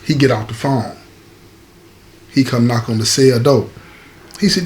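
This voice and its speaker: A man telling a story about his prison days to his viewers in a casual, animated way, often turning to them with "y'all" and "you feel me". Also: medium pitch, a little slow, long pauses. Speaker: storyteller recounting prison life.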